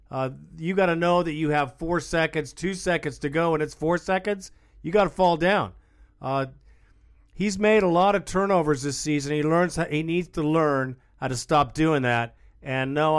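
A man's voice: a little high, normal speed, clear, resonant tone. A man hosting a sports call-in show, talking casually and calling people bro. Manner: laid-back, calls people bro. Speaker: host.

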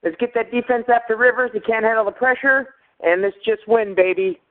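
A man's voice: sits high, brisk. A man calling a fan show, worked up and rambling, with many fillers and curses. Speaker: caller. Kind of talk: phone-in fan message. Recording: phone line.

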